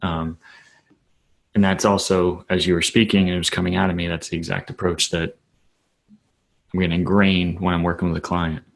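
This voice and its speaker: A man's voice: sits low, little pitch movement, moderate pace, creaky, long pauses. A man speaking as a client on a coaching call, earnest and heartfelt.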